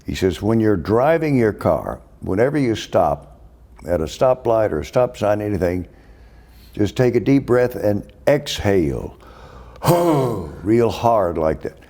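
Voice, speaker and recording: Deep, mellow older man. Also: big pitch swings. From Texas. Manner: folksy, unhurried storytelling. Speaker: host. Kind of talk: casual chat.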